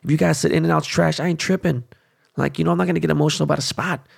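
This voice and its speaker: A man's voice: a little high, fairly even intonation, racing, creaky, breathy edge. A man in his forties from Los Angeles, hosting a podcast in a blunt, casual rant full of swearing. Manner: blunt, heavy swearing, keeps asking "okay?". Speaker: podcast host.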